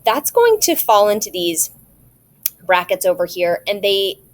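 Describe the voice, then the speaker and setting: A woman's voice: mid-range voice, sing-song, measured pace. A woman math teacher recording a video lesson, explaining each step patiently and checking in with rhetorical questions.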